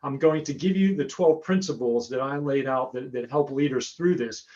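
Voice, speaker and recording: This American webinar guest speaker has a medium-pitched, slightly mellow voice and speaks at normal speed. He is chatty and often repeats himself as he searches for his thread. It comes through lo-fi remote call audio.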